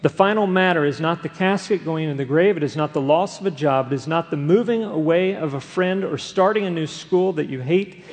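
A man's voice: fairly high pitch, fairly quick, few pauses. A man delivering an earnest, emphatic sermon as a pastor, repeating key phrases for weight. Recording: long reverb of a large hall.

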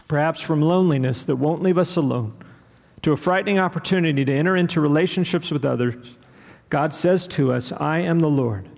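A man preaching a sermon, rhythmic and building to loud, emphatic peaks. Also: on the high side, gravelly. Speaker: pastor. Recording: long hall reverb.

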